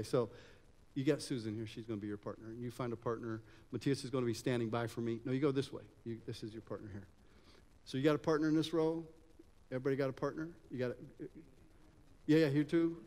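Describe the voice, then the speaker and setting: Lively man leading a hall crowd. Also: medium pitch, fast. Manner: energetic, joking, directs the crowd. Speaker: workshop speaker. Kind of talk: live talk leading an audience exercise. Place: event hall with live audience. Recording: long hall reverb.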